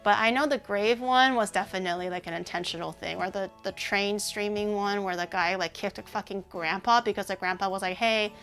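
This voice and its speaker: A woman streaming and chatting casually with her audience, rambling with lots of "like" and sounding animated and indignant. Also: mid-range voice, a little fast, few pauses, faint music behind.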